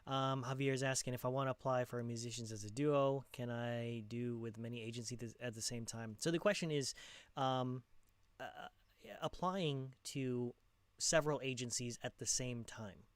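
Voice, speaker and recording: A man's voice: mid-range voice, normal speed, smooth, no room sound. A man hosting a casual podcast interview, easygoing, with frequent short backchannels and reading out viewer questions. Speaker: podcast host.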